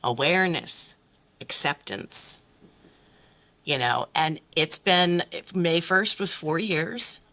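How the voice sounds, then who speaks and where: Podcast guest, woman, middle-aged, candid and blunt, bright forceful tone, swears, voices others. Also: deep voice, expressive, slow pace. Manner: blunt, swears freely, acts out quotes with big voices. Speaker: podcast guest, life coach. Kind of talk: candid personal story in conversation.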